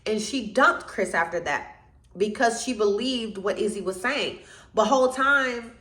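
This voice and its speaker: A woman giving a blunt, animated recap of a reality dating show, calling out the people she blames. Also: medium pitch, measured pace. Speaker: reality TV reviewer. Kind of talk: opinionated recap commentary. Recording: roomy echo.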